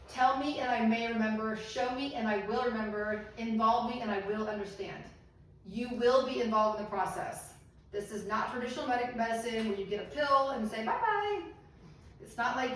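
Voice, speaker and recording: A middle-aged woman giving a live health seminar, earnest and encouraging, asking the audience questions. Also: fairly high pitch. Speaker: medical seminar presenter. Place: seminar room. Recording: echoey room from far off, faint noise.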